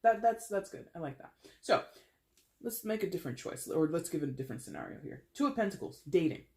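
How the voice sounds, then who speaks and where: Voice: mid-range voice, animated, fast, a little mellow. Tarot reader, casual to-camera style, chatty, rambling, playful asides.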